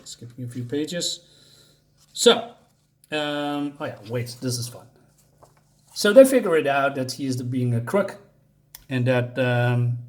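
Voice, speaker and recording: A man whose first language is not English, reviewing a comic in casual, rambling speech full of fillers and frequent chuckles. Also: mid-range voice. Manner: rambling, hesitant, many fillers; chuckles often.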